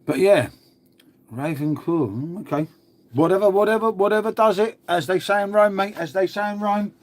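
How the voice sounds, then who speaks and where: A man's voice: high voice, normal speed. An English man chatting casually on a live stream, answering viewer comments in a laid-back way and calling everyone mate.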